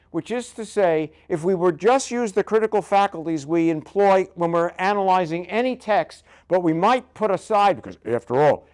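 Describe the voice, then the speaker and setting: An older man, a rabbi, gives a conversational Bible lecture packed with jokes and asides, often checking in with "right?". His voice is a little high and a little mellow.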